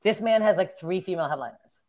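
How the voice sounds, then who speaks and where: A woman's voice: lowish voice, expressive, quick pace, darkish tone. A young woman comedian from Canada, telling stories bluntly and with plenty of swearing in casual podcast chat. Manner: blunt, profane storytelling. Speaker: stand-up comedian, podcast guest.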